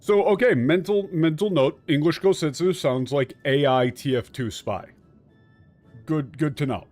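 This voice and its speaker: A man streaming a game, giving irreverent, swearing commentary and haltingly translating lines. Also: fairly high pitch, darkish tone. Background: game music.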